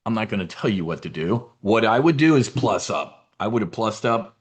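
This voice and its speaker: A man's voice: fairly low pitch, expressive, moderate pace. A middle-aged man hosting a live investing briefing, talking casually with blunt, swearing asides and rambling restarts.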